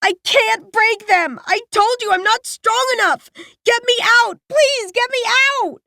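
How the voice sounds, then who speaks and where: A woman's voice: very high-pitched, lively intonation, slow pace, creaky, dry recording, studio quality, pitched above the performer's own voice, full character voice. Woman doing a terrified trapped girl. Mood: panicked. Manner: panicked, pleading, desperate.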